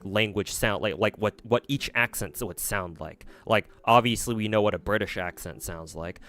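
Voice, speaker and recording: A man's voice: lowish voice, a bit bright. A man with an American accent, chatting casually on a livestream and answering viewers in a rambling, hesitant way with frequent restarts and casual swearing. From United States. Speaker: streamer.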